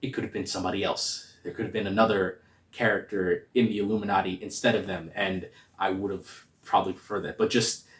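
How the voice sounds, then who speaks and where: A man giving a casual spoiler review of a movie, talking in a slangy, animated, rambling way. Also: lowish voice. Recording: roomy echo.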